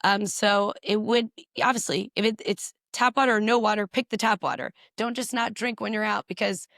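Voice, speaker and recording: A woman physician answering interview questions and explaining health tips briskly, repeating points for emphasis. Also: medium pitch, fairly even intonation, fairly bright tone, no echo, studio quality. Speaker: physician guest.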